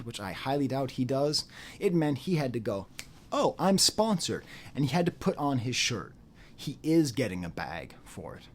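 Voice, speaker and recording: A man's voice: mid-range voice, slight background noise. A man giving an unscripted commentary monologue, repeating phrases for emphasis and dropping into mocking quoted voices. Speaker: YouTube commentator.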